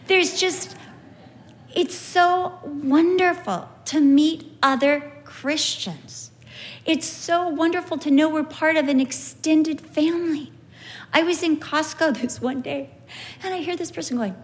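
A middle-aged woman with a high, light voice gives a Bible talk. She keeps it chatty and tells stories with energy, slipping into the voices of the people she describes. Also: takes it slowly. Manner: animated storytelling, acts out quoted people. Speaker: Bible teacher. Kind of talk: conversational Bible teaching with anecdotes.

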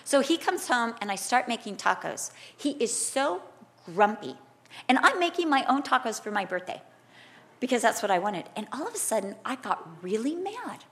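Animated woman preacher telling stories. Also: a little high, normal speed. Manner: animated storytelling, acts out quotes loudly. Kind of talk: sermon with personal story.

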